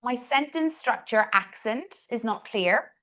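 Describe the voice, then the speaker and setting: A woman's voice: fairly high pitch, lively intonation, measured pace, bright, forceful tone. A middle-aged woman with a Northern Irish accent, leading a live communication coaching session in an encouraging way and repeating words for emphasis.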